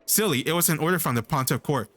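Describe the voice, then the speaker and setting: A man's voice: on the high side, fast talker, a bit bright. A man reading the lines of a stern, arrogant male army commander in a fantasy game, in a curt and dismissive way.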